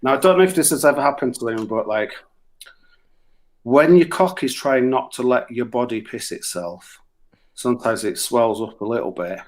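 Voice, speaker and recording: On a radio show, a middle-aged man with a Yorkshire accent chats casually, sharing crude, swear-laden anecdotes at a moderate pace. His mid-range voice slips into put-on characters as he tells them.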